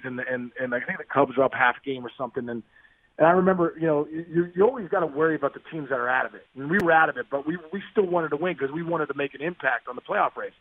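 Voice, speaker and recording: A man in his forties telling a story as a podcast guest, excitable and animated, acting out the voices of the people in his stories. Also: mid-range voice. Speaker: guest, former pro baseball player. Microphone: phone call. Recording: tinny dry phone line.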